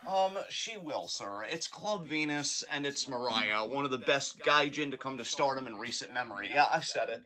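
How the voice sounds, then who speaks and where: A man co-hosting a live wrestling watch-along, giving animated play-by-play and hyping the wrestlers on a home streaming mic. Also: medium pitch, normal speed, few pauses. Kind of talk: live reaction commentary.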